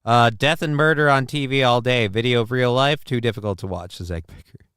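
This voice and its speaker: A man's voice: medium pitch, a little fast, fairly bright tone, clean tone, no echo, clean studio sound. A man hosting a live talk stream, reacting to clips and reading out chat comments in a loose, profane way. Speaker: livestream talk show host.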